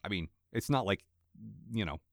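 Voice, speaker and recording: A man's voice: low voice, expressive, moderate pace, no echo, studio quality. A man co-hosting a podcast in casual, chatty talk, sometimes swearing. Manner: chatty, swearing, laughs often. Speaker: podcast co-host. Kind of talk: casual chat.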